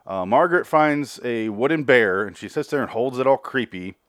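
A man's voice: mid-range voice, animated, normal speed, no room sound, clean studio sound. A man casually recapping a TV episode, rambling with crude jokes and acted-out quotes. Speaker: TV recap commentator.

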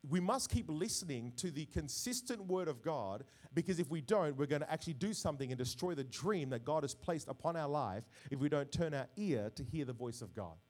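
Pastor, male, fairly high-pitched, sermon delivery with loud emphatic swells and call-outs. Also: lively intonation, fairly quick, hardly any pauses. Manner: preaching with rising bursts of volume and call-outs.

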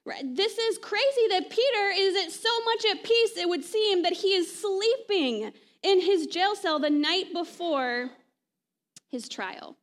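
A woman pastor delivering a sermon in a conversational way, often checking in with "right?" and trailing off softly at the ends of phrases. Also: extremely high pitch, expressive, unhurried. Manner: conversational preaching, frequent "right?" asides.

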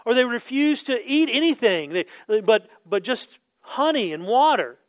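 High-voiced man preaching, keeps asking "right?". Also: big pitch swings, normal speed. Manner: acts out quotes with sudden pitch jumps. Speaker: pastor. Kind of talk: expository sermon.

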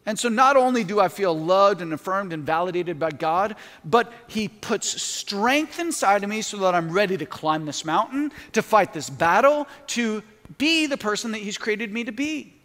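High-voiced pastor preaching in a hall. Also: male voice, animated, normal speed, hardly any pauses, fairly bright tone. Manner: earnest, building to emphatic peaks, prays aloud mid-talk. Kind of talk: sermon. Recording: long hall reverb.

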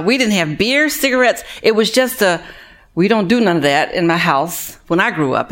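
A woman who runs a women's recovery ministry, telling animated, heartfelt stories to an audience. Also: on the low side. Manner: animated, acts out other people's voices; earnest and heartfelt, drops quieter on sad moments. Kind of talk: storytelling talk to an audience.

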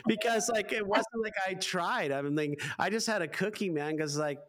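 A middle-aged man, a pastor, telling stories as a podcast guest in an animated, chatty way full of casual fillers. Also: high-pitched, moderate pace. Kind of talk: casual storytelling.

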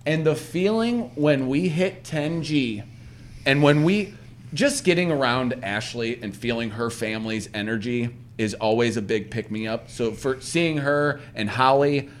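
A man co-hosting a podcast in casual chat, animated and swearing, mocking himself. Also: mid-range voice, unhurried. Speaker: podcast co-host.

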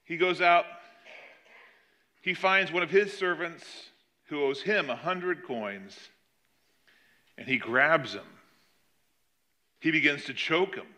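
A man preaching a sermon, retelling a parable with animated emphasis. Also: fairly high pitch, takes it slowly, pauses often. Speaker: pastor.

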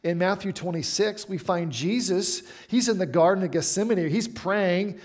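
A middle-aged man preaching a sermon as a pastor, chatty and animated, with frequent asides and questions to the congregation. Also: high-pitched, normal speed.

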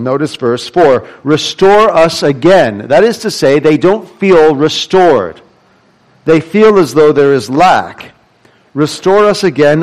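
A man's voice: a little high, poor audio. A man preaching a sermon as pastor, explaining a psalm with rhetorical questions and emphatic repetition.

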